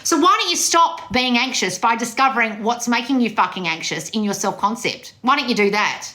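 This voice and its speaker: A woman's voice: a little high, animated, fairly quick, pushed and bright. Blunt, swearing female coach. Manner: blunt, profane, scolding. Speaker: manifestation coach. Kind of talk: confrontational coaching monologue.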